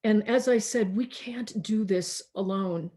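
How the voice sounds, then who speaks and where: A tired woman pastor preaches over a video call. She speaks slowly and reflectively at a middle pitch, repeating words and pausing for emphasis. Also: mellow.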